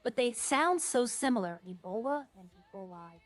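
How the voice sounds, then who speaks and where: A woman's voice: on the high side, lively intonation, normal speed, soft background music. A woman streaming a roleplay game, chatting casually and jokily to her viewers in a rambling way.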